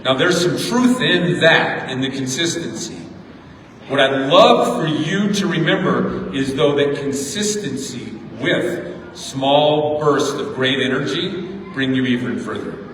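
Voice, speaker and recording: Slow and fairly bright, with a medium pitch, a middle-aged graduation speaker tells a motivational story, repeating words for emphasis. The recording comes from far off in an echoey hall at the ceremony, with slight background noise.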